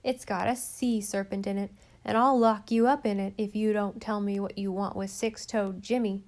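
A woman reading aloud, voicing a rough, bullying boy in a loud, taunting way. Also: medium pitch, level tone, moderate pace, natural voice.

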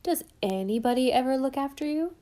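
A meddling, gloomy old aunt put on by a woman reading aloud drawls her words slowly with a disapproving sniff. Her tone is mellow and warm. She is a storybook busybody. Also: high-pitched, animated, voice pushed up.

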